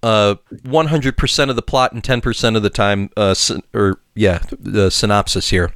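Man with a smooth, dry voice. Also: on the low side, steady tone, a bit bright, dry recording. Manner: halting, many restarts and fillers while racing the clock. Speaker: podcast co-host. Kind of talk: casual chat and rushed plot recap.

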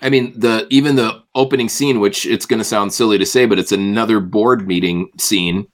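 A man's voice: fairly low pitch, fairly even intonation, moderate pace. A man co-hosting a podcast, chatting casually and encouragingly with his partner. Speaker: podcast co-host.

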